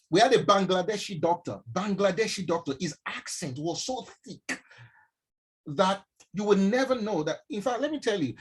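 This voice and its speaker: A middle-aged Nigerian man with a Nigerian accent, a doctor telling a personal story to an online audience in an emphatic, animated way. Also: high voice, breathy edge, poor audio. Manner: emphatic, animated, addresses listeners directly. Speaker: doctor and mentorship speaker. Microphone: online stream from home.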